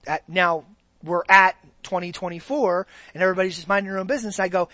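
A woman's voice: mid-range voice, animated, a little fast, a bit bright, no room sound. A woman preaching a sermon in a conversational way, often checking in with the congregation. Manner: conversational, keeps checking in with the audience.

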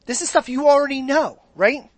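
Woman, preacher, sermon, conversational, checks in with listeners, high-pitched, dry sound. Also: normal speed, dry recording. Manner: conversational, keeps checking in with the audience.

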